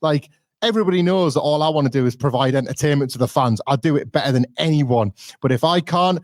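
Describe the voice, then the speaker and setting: A man's voice: fairly high pitch, quick pace, dry recording, clean studio sound, lightly acted. A man putting on a brash, defiant male wrestling star who insists, riled up, during a promo.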